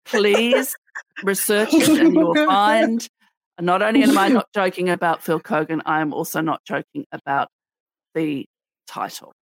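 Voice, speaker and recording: A woman's voice: mid-range voice, a little slow, no echo. A woman co-hosting a podcast, with dry, teasing humor as she jokes and reads the outro. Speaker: podcast co-host. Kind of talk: casual podcast chat, reading outro.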